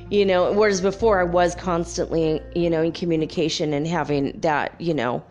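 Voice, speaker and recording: A woman's voice: on the low side, moderate pace, a little mellow, lo-fi sound, faint music behind. A woman from California hosting a podcast, rambling casually with many fillers. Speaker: podcast host. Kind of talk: casual spiritual podcast monologue.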